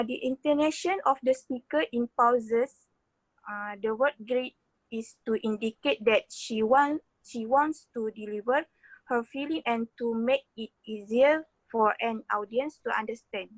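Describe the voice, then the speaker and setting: A young woman gives a student presentation. Her voice sits a little high, and she reads steadily from notes with frequent fillers. The recording is dry and close. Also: measured pace, dry recording, poor audio. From Malaysia. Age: young adult. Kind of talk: class presentation.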